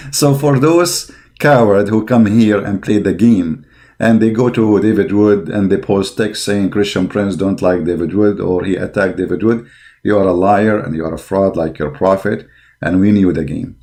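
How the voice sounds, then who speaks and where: A man's voice: low voice, normal speed, warm tone. A man giving a combative religious monologue, blunt and scornful, speaking emphatic English with broken grammar. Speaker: religious polemic commentator.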